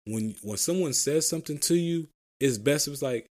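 This podcast host speaks in an expressive, unhurried mid-range voice with a slightly mellow quality. He casually walks through how sales calls work, frequently asking "right?" and performing example phone lines in his solo, conversational show.

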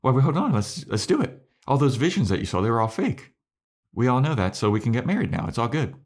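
A man's voice: medium pitch, big pitch swings, fast talker, a little mellow, voice pushed up. A man putting on a raised voice to play an impatient young woman about to marry, recapping her lines on a chat podcast. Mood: pushy. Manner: insistent, pleading recap voice. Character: eager young woman bride, pushy and impatient.

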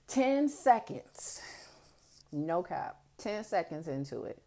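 Brash young woman host, casual storytelling, gravelly fry throughout. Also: sits low, sing-song, slow pace, warm tone. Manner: blunt, profane and boastful. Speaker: podcast host.

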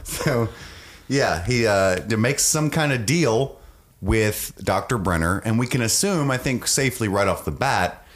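A man's voice: lowish voice, animated, measured pace. A man co-hosting a podcast, recapping a TV episode in casual chat, joking and laughing often. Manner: jokey, acts out scenes in silly voices, laughs often. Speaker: podcast co-host.

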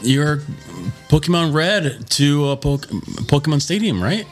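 A man's voice: a little high, lively intonation, measured pace, soft background music. A man teasing his friends in casual podcast chat. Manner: teasing, laughs often. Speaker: podcast co-host.

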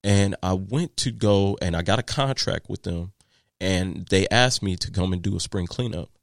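Man, very low gravelly voice, casual storyteller, dry close sound. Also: moderate pace, no echo. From Texas. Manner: animated, repeats words and fillers while telling a story. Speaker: guest, landscaping business owner.

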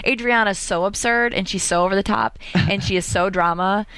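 A woman co-hosting a podcast in casual chat, animated and steering the conversation. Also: mid-range voice, normal speed, clear, resonant tone. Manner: animated, leads the topics, laughs often. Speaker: podcast co-host.

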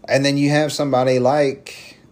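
A man's voice: mid-range voice, flat delivery, a little mellow. Profane, rambling podcast guy. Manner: profane, rambling, acts out promos in quick voices. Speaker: podcast co-host. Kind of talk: casual podcast chat.

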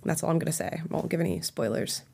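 A woman's voice: low-pitched, expressive, fast, gravelly, dark tone, breathy edge. A woman co-hosting a casual livestream, chatty and opinionated, laughing often, from Florida. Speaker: co-host.

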